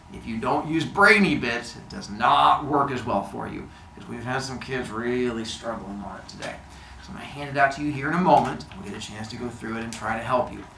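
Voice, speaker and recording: Playful male teacher, bright echoey voice. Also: medium pitch, a little hiss or hum. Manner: playful, jokey, silly made-up words. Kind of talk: classroom instructions. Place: classroom. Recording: echoey classroom, faint ambience.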